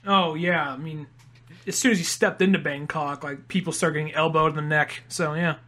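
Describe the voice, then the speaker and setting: A man's voice: a little high, steady tone, moderate pace, sharp tone. A young man co-hosting a podcast in casual chat, joking enthusiastically. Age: young adult. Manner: enthusiastic, joking, acts out voices. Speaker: podcast co-host.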